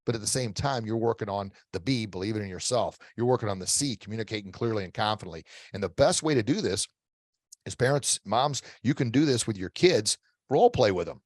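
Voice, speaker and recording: A middle-aged man with a fairly low voice gives emphatic, motivational coaching as a guest in an interview. He repeats key phrases and often restarts his sentences. The sound is dry, with no room around it. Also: expressive, fairly quick, no room sound. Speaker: guest expert.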